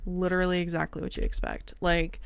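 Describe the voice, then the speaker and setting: Woman, streamer, casual rambling chat, laughs a lot, gravelly fry. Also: lowish voice, little pitch movement, fairly quick, no echo. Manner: chatty, rambling, laughs often. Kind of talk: casual stream chat about a role-play character.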